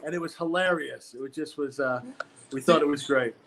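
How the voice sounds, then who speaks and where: A male comedian with a higher-than-usual voice spins rambling stories, building to punchlines in a stand-up manner. His delivery is loose and conversational. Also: a little fast, creaky, a bit bright. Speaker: comedian guest. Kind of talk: stand-up style chat.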